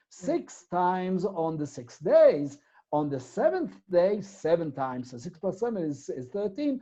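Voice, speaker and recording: A man's voice: sits high, very animated, unhurried, dark tone. A man giving a Torah lesson, explaining step by step and posing rhetorical questions. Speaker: Torah teacher. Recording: dull lo-fi recording.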